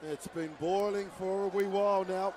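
A high-pitched man calls a rugby game play by play. He gets excited and shouts as the attacks build. Loud crowd noise fills the broadcast behind him. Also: normal speed. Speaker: play-by-play commentator. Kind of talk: live sports commentary.

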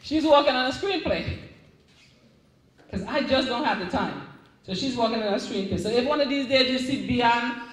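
A middle-aged woman with a Caribbean English accent, an author speaking to a live audience at a book signing in a chatty, animated way. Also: on the high side, moderate pace, pauses often, recorded from a distance. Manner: chatty, animated storytelling with restarts. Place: event room. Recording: echoey room.

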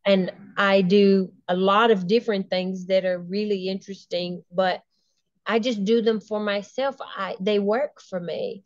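Woman guest, middle pitch, eager and chatty with frequent laughs; muffled, dry recording. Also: steady tone, measured pace, no room sound. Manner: enthusiastic, laughs often, trails off and restarts. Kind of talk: casual interview talk. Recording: dull lo-fi dry sound.

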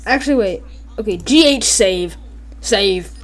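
A woman giving excitable gameplay commentary, rambling with lots of "like" and "freaking" and breaking into yelps and shouted sound effects. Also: mid-range voice, a little slow.

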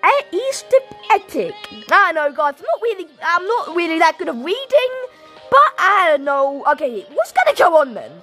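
A woman giving goofy, excitable gameplay commentary, shouting now and then, with a sore throat. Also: extremely high pitch, moderate pace, faint music behind. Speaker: gaming video creator.

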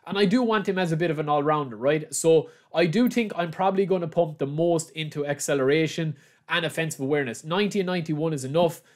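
Speaking quickly in a fairly high pitch, this man narrates his own match for his gaming channel, yelling excitedly at the action and addressing viewers as "lads."

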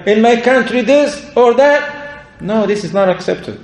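A man's voice: expressive, normal speed, darkish tone. Earnest man preaching in an echoey room. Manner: earnest, emphatic, rising and dropping pitch for stress. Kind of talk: sermon.

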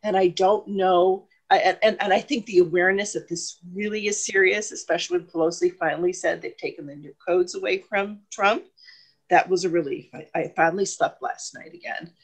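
A woman's voice: fairly low pitch, fairly even intonation, a little fast, husky. A woman party member asking a question on a video call, emotional and hesitant, rambling with many ums and restarts. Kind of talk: question in an online meeting.

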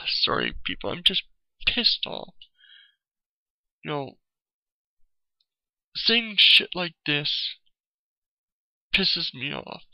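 A man's voice: a little high, huge pitch swings, very slow, vocal fry, pauses often, no echo, dull audio. A man in an angry, profane video rant, repeating "you know" as he vents. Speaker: vlogger. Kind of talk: angry ranting video commentary.

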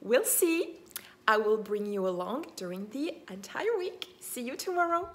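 High, slow, gushing woman vlogger. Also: big pitch swings, heavy background noise. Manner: enthusiastic, gasps and laughs often. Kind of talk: casual vlog chat.

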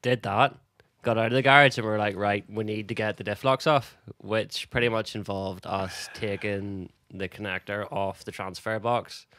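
A man with a Northern Irish accent co-hosting a podcast, telling lively stories in casual chat. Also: lowish voice, normal speed, dry recording. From Northern Ireland. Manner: lively anecdotes with quoted voices, laughing. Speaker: podcast co-host.

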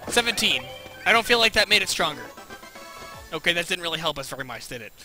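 A man's voice: high-pitched, expressive, quick pace, long pauses, pushed and bright, soft background music. A man streaming a video game with a cold, giggly and playful as he chats with his viewers. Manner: giggly, playful, chatting with chat. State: has a cold. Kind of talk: casual game commentary.

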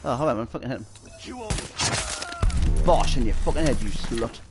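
A man's voice: mid-range voice, normal speed, noisy background. A man with a Geordie accent streaming a shooter game, rambling through stories, swearing constantly and laughing often. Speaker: gaming streamer. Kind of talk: casual chat while streaming a shooter game.

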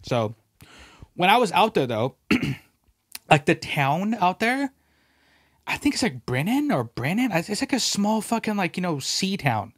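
A man hosting a podcast, telling stories in a casual, animated way, swearing freely and acting out quoted voices. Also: high-pitched, a little slow, no room sound, studio quality. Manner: animated, profane, peppered with "bro" and "dude". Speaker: podcast host. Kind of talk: casual storytelling chat.

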